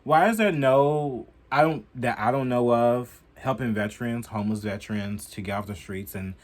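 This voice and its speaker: Heated young man ranting casually. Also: normal speed. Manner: heated and profane, heavy use of "like"; animated, jumping in pitch and loudness. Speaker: political commentary vlogger.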